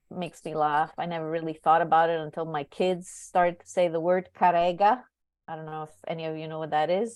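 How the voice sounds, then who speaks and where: Woman, casual storytelling, chatty, laughs often, video call. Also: lowish voice. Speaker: workshop participant.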